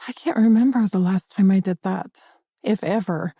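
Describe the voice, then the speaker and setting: A woman narrating a first-person romance audiobook in an intimate, expressive storytelling manner. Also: mid-range voice, normal speed, husky, no room sound, studio quality.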